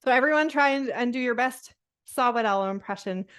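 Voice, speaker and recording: A woman's voice: fairly high pitch, fairly quick, a bit bright, clean tone. A woman presenting a nature lesson to children over a video call, upbeat and encouraging, with laughs and fillers.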